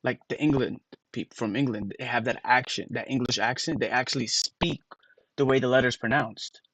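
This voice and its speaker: A man's voice: medium pitch, steady tone, normal speed, fairly bright tone, no echo, low-quality recording. A man on a casual livestream, rambling to his chat and sounding out words letter by letter with emphatic disbelief.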